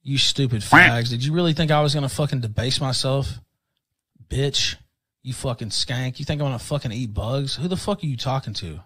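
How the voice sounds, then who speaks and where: Angry male streamer, profane rant, bright tense voice. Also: mid-range voice, moderate pace, poor audio. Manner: ranting, furious and profane. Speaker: streamer in played clips.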